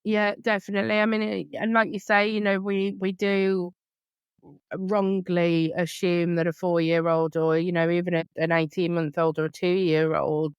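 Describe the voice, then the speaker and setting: A woman's voice: lowish voice, little pitch movement, moderate pace, clear, resonant tone, no room sound, dull audio. Candid woman in her thirties hosting. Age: 30s. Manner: chatty, candid, self-deprecating. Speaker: podcast host. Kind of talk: casual conversational interview.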